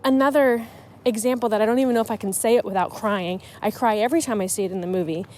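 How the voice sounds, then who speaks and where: A woman's voice: on the high side, fairly even intonation, quick pace, darkish tone. A woman hosting a podcast about writing, talking casually and emotionally, often restarting her sentences. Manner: chatty and emotional, with frequent restarts. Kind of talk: casual solo podcast talk.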